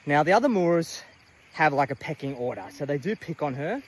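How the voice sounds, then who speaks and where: A man's voice: on the high side, lively intonation, fairly quick, a little hiss or hum, rough recording. A man giving a casual, rambling tour of his animal sanctuary outdoors. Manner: chatty, rambling with many fillers. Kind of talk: casual walking tour vlog. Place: outdoors at a farm paddock.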